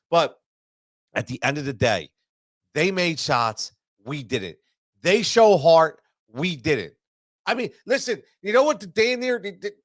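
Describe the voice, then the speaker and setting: Heated, high-voiced man ranting. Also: fairly bright tone, dry recording, clean studio sound. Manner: heated, repetitive, stammering restarts. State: stuffy with allergies. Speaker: sports show host. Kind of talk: frustrated postgame rant.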